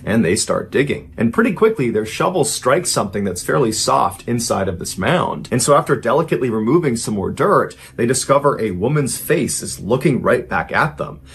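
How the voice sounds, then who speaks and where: A man in his thirties tells a true horror story in a mid-pitched voice. He builds suspense, rising higher in pitch as events turn frightening. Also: big pitch swings, moderate pace, vocal fry, few pauses, a little hiss or hum. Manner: builds tension, rising pitch at scary moments. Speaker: podcast storyteller. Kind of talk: dramatic true-story narration.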